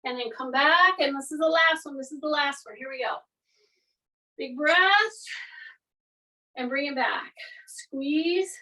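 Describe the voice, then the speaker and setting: A woman fitness instructor leading a guided workout class, giving steady coaching cues while exercising along. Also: high voice, a little slow, pauses often, recorded from a distance, rough recording.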